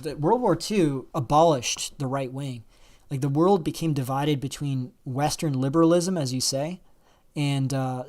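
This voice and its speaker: A man hosting a livestream, talking casually at length and answering viewer questions, with lots of fillers and restarts. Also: mid-range voice. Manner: rambling, many fillers and restarts. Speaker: livestream host.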